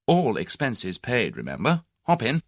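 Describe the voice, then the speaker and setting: A man's voice: mid-range voice, wildly swooping pitch, measured pace, dry recording, clean studio sound, voice pushed up, full character voice. A man doing a breezy young Englishman. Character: cheerful young Englishman, easygoing, practical.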